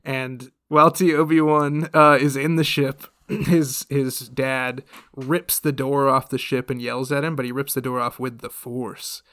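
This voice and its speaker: A young man casually retelling a film to friends, animated and laughing often. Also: medium pitch, unhurried, no echo, studio quality.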